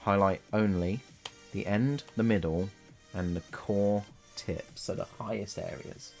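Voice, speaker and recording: Low-voiced male streamer, playful casual chatter over soft background music. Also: fairly even intonation, vocal fry. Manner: chatty and playful, quick to laugh. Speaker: livestreamer painting miniatures. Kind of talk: casual live-stream chat.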